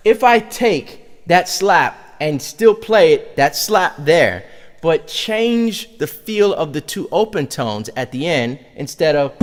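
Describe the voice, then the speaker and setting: Guy teaching congas, slow and kinda high voice, counts beats and says drum sounds, loud drums in a reverby room. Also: lively intonation, loud music behind the voice. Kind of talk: music lesson demonstration.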